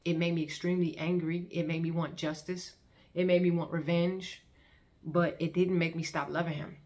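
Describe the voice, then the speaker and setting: Woman, low pitch, casual storyteller, colloquial, laughs a lot, talks to viewers. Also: little pitch movement, normal speed, darkish tone. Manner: colloquial and chatty, often laughing, addresses viewers directly. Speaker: vlogger sharing her testimony.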